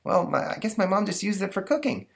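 An eager, earnest little cartoon boy, played by a man, with a voice raised well above a normal speaking pitch. His pitch jumps up and down with excitement. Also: fast, gravelly, full character voice.

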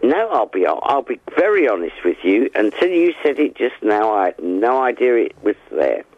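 A man's voice: medium pitch, very animated, moderate pace, no echo, narrow, tinny audio. A man calling in to a radio show, easygoing and stubbornly contented. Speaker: caller. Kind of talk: radio phone-in call. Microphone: phone line.

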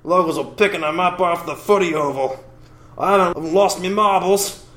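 A man's voice: high-pitched, moderate pace, a bit bright. A man reading a quote aloud as a local witness, in an exaggerated comic put-on Jewish-Australian accent. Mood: hammy. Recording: roomy echo.

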